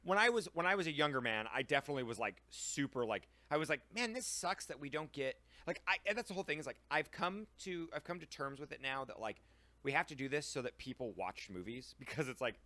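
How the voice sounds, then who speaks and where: A man co-hosting a podcast, chatting about a film in an excitable, rambling way. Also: mid-range voice, quick pace, no room sound. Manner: excitable, rambling, lots of fillers and restarts. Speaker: podcast co-host. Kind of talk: casual film discussion.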